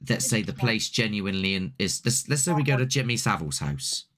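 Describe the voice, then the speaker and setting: A man's voice: lowish voice, very animated, fairly quick, a bit bright. A man, a paranormal investigator hosting a casual chat, rambling and laid-back with mild swearing. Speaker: paranormal investigator and show host.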